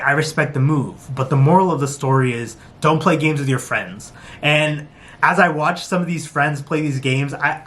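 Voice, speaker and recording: A man talking to camera in a casual review vlog, animated and laughing often, slipping into quick impressions. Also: medium pitch. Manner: talks with his hands. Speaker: show reviewer.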